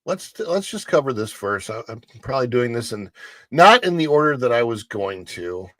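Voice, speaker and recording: A man with a mid-range, slightly bright voice runs a casual livestream, wandering between news stories and reading them out to his chat. His pitch swings widely at a normal pace, and the sound is dry.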